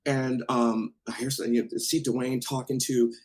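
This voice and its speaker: A man from Washington State, a podcast guest, telling an animated story in a casual way with laughs and swearing. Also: mid-range voice, moderate pace, rough recording. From Washington State, USA.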